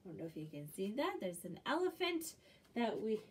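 A woman's voice: mid-range voice, big pitch swings, fairly quick, slight background noise. A woman librarian leading young children through animal games and action rhymes in a cheerful sing-song manner. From Canada. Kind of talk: children's music and movement class. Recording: distant from the mic.

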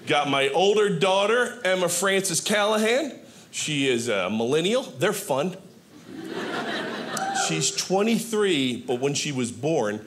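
A man in his fifties performing a stand-up comedy set on a theater stage, animated and acting out quoted voices. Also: mid-range voice. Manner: animated, acts out quoted voices, shouts punchlines. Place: theater stage with live audience. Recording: stage mic with audible audience noise.

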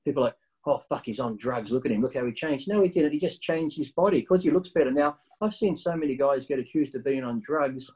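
Middle-aged man, mid-pitched voice, blunt and profane conversational storyteller. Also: fast, hardly any pauses, darkish tone, poor audio. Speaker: guest bodybuilder. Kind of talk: casual storytelling.

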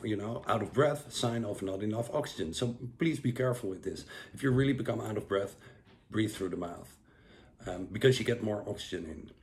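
A man giving a relaxed, rambling guided breathing lesson, full of fillers and restarts. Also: fairly low pitch. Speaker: breathwork instructor.

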